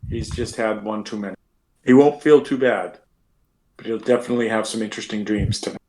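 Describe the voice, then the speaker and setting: A man playing a calm, kindly barkeeper. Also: lowish voice, fairly quick, a little hiss or hum, lightly acted, poor audio. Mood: reassuring. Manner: friendly, reassuring.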